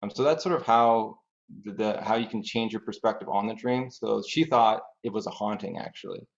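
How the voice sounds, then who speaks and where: Male expert guest, thoughtful explainer, low gravelly voice on muffled audio. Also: fairly quick. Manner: thoughtful, explains through examples. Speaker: grief dream researcher, guest. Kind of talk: podcast interview, explaining. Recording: dull lo-fi audio.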